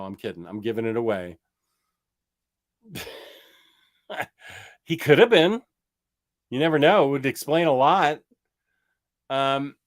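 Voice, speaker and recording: A man hosting a casual comic book livestream, rambling and joking as he answers viewer questions and stumbles over words. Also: medium pitch. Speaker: comic book channel host.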